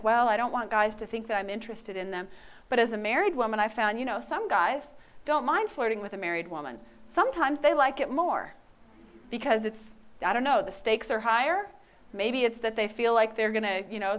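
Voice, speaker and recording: A woman in her forties giving a candid, self-mocking personal faith testimony. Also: a little high. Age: 40s.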